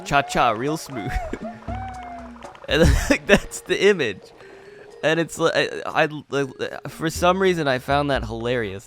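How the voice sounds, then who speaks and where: Rambling young man on game commentary. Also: medium pitch. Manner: rambling and meandering. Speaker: let's play host. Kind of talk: casual gameplay commentary.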